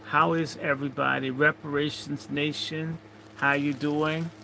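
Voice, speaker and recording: A man chats loosely on his livestream, greeting viewers and cracking jokes between their comments. His voice is bright and forward, and he talks at an unhurried, drawn-out pace. A faint hiss of noise sits under the recording. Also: fairly high pitch, flat delivery, vocal fry, low-quality recording. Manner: rambling, jokey, chatting to viewers. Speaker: livestream host. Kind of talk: casual livestream chat, reading comments.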